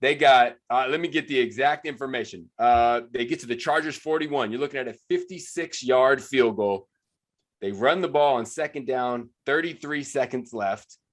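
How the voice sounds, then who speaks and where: A male podcast host presenting his own segment, recounting a football game with mounting exasperation. His voice sits at an ordinary male pitch. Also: moderate pace. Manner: storytelling, exasperated. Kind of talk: casual sports chat.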